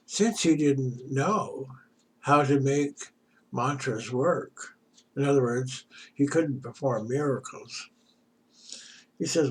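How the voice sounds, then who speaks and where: Slow, halting man telling a teaching story. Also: medium pitch, breathy edge. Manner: halting, repeats himself. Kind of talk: storytelling lesson. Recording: distant mic.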